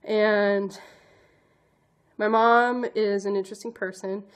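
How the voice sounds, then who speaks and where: Speaking slowly in a steady, mid-range voice, a female vlogger, advocate and educator recounts something from her own life. The telling rambles earnestly, full of "like" and false starts, and she comes across as emotional and self-conscious.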